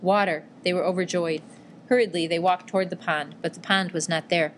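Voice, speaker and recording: A woman narrating a novel aloud in a measured, even storytelling manner. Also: lowish voice, a little hiss or hum. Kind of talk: audiobook narration.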